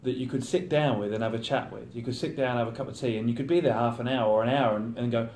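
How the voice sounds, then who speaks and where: A man's voice: medium pitch, steady tone, fast, darkish tone, slight background noise. A thirty-year-old man, a professional footballer, chatting casually in an interview and acting out his teammates' banter. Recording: roomy echo.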